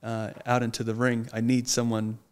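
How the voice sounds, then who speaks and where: A man's voice: medium pitch, monotone, clean tone. Earnest young New man, hesitant. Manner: earnest, hesitant, fills pauses with ums. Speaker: guest, lawyer and wrestler. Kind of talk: casual interview chat.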